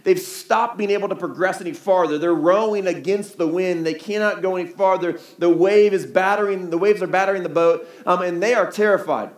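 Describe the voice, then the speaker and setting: A man's voice: sits high, fairly quick, few pauses, reverberant. A man preaching a sermon in a conversational way, asking the crowd rhetorical questions. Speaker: pastor. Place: church hall.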